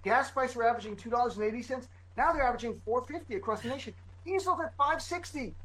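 A man's voice: extremely high pitch, a bit bright, low-quality recording. Emphatic man ranting on a talk show. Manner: emphatic, heated, rapid-fire lists. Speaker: comedian and co-host. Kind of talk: political commentary chat.

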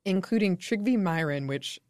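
A woman with a low voice co-hosts a casual podcast, giving wry, deadpan asides between giggles. The sound is close and dry. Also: a little slow, no echo. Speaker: podcast co-host. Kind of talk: casual conversational history chat.

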